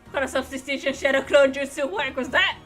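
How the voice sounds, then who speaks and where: A woman streaming a game live, cracking jokes and reacting in a casual, playful way. Her voice sits fairly high. Faint background music plays under her talk. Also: quick pace, a bit bright.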